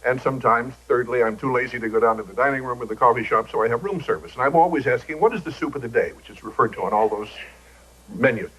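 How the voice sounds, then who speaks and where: A man's voice: medium pitch, fast talker, a bit bright, husky, poor audio. Wry older man telling stories on TV. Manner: wry, joking raconteur acting out quoted voices. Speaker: talk show guest. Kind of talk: anecdotal talk show storytelling. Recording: old broadcast TV audio.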